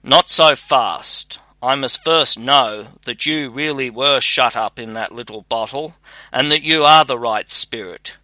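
Brief: a calm, clever young scholar, read by a man, slow and steady with a bright tone. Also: medium pitch, no room sound. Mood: firm. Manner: calm, firm and fearless.

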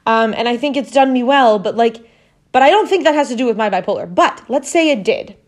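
A young adult woman hosting a solo podcast, talking earnestly in a halting way with many fillers and restarts. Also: on the high side, animated. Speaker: podcast host. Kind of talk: casual solo podcast talk.

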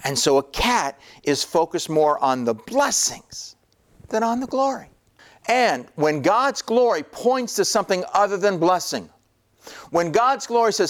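Male preacher, sermon-style teaching: emphatic, repeats his points, slightly high voice. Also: sing-song, a little slow. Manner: emphatic, repetitive, jokey.

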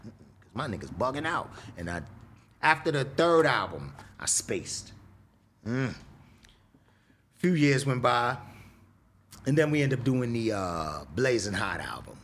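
A man's voice: slow pace, long pauses. A middle-aged man, a rapper telling stories in a candid interview, swearing freely and acting out what people said to him. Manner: animated, profane, acts out quoted exchanges with big pitch swings.

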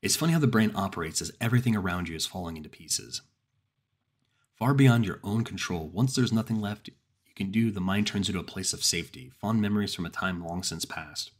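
A man with a very deep voice tells a campfire horror story in the first person. His voice is husky and low, and he keeps a slow, grave pace. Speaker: narrator.

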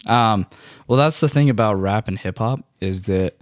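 A man's voice: fairly low pitch, moderate pace, no room sound. A young man co-hosting a podcast, easygoing and asking questions in casual chat on a dynamic mic in a studio. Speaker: podcast co-host.

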